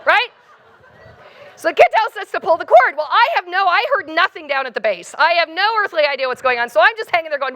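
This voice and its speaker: A woman keynote speaker telling a funny personal story in an animated, comic way. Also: very high voice, fast.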